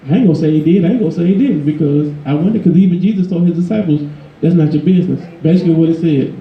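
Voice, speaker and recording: A man preaching a sermon in a conversational, emphatic way, his voice climbing higher when he drives a point home. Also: very fast, echoey room, highs cut off. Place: church.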